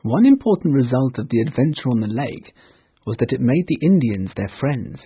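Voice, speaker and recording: A man reads a storybook slowly and clearly for learners, in a mid-pitched, very husky voice. The recording is narrow and tinny, like a phone line. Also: big pitch swings. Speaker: narrator. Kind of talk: storybook reading for English learners.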